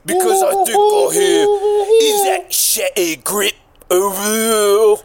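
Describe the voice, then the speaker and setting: A man voicing a rowdy, swearing British rock star calling into a radio show, with a put-on Cockney accent and a gravelly, sing-song delivery. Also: very high-pitched, level tone, takes it slowly, crowd noise, exaggerated voice. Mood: manic. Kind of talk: improvised radio comedy call.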